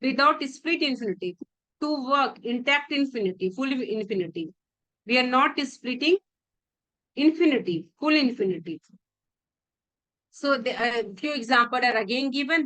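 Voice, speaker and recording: A woman's voice: high voice, lively intonation, moderate pace, pauses often, a bit bright, low-quality recording. A woman with an Indian English accent giving an exam-prep grammar lesson. She explains carefully, often restarting words and repeating key phrases.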